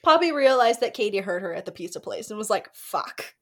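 A woman's voice: mid-range voice, animated, fast talker. A woman co-hosting a podcast, recapping a book in casual chat with dry quips and frequent laughter. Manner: giggly, recaps with laughing asides. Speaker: podcast co-host.

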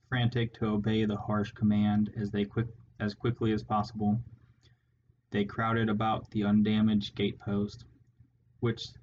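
A man narrates a storybook chapter at a slow, measured pace. His voice is low and flat, keeping a steady tone through the reading. The recording sounds dull and lo-fi, with faint background noise. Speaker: audiobook narrator. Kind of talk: scripted narration.

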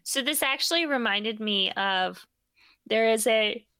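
A woman's voice: fairly high pitch, a little slow, sharp tone, smooth, no echo. A woman co-hosting a casual podcast who retells stories in a rambling way with lots of ums and likes. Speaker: podcast co-host. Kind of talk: casual chat.

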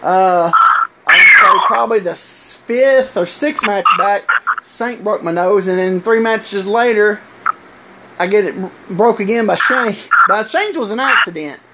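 A middle-aged man, a former wrestler telling stories in casual chat, halting and full of fillers. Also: high voice. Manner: rambling, halting with many fillers. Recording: loud hiss with clicks.

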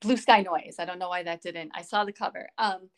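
A woman's voice: fairly low pitch, steady tone, fairly quick. A woman co-hosting a podcast, talking casually and rambling, with many fillers and restarts. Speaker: podcast co-host.

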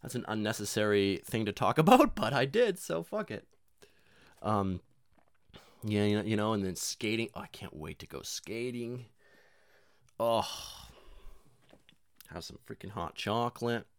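A young man talks in a loose, rambling monologue full of fillers and swearing, mocking himself as he goes. His pitch swoops widely from moment to moment. The sound is dry and close. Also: lively intonation, measured pace, long pauses, no room sound. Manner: rambling, profane, self-deprecating, many fillers.

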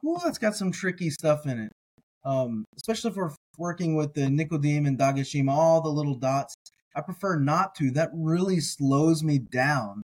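Man slowly sounding out words. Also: a little high, breathy edge, low-quality recording. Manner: halting, sounding out words with pauses and restarts; relaxed and chatty between readings. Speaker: Hebrew teacher. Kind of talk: slow word-by-word reading lesson.

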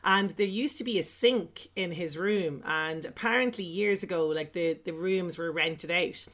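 A woman's voice: fairly low pitch, fairly bright tone. A woman hosting a film podcast, rambling and chatty with lots of fillers. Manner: chatty and rambling, quick to laugh. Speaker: podcast host. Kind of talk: casual chat.

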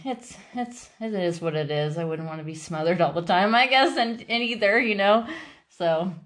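A woman chatting casually about her dogs, rambling with many restarts, laughing often and jumping high into playful quoted voices. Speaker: dog owner.

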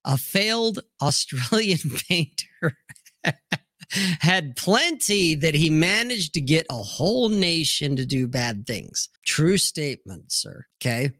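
A man's voice: fairly high pitch, lively intonation, takes it slowly, fairly bright tone, no echo, clean studio sound. Blunt, profane man hosting a stream. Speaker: livestream host. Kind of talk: casual panel chat. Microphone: streaming mic, remote call.

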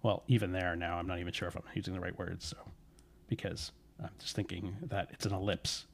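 Male podcast storyteller, slightly low voice, loose and self-correcting. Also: level tone, brisk, creaky. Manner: rambling, many fillers, self-correcting. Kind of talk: casual storytelling chat.

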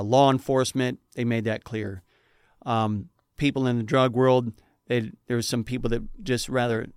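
A man's voice: mid-range voice, smooth, dry recording, studio quality. A man telling his personal testimony in an earnest, emotional way, with preacher-like emphasis. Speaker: speaker giving a personal testimony.

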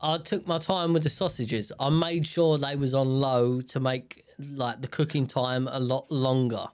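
A man's voice: mid-range voice, steady tone, measured pace, darkish tone. A young man hosting a podcast in casual chat, rambling and joking with many fillers and restarts. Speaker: podcast host.

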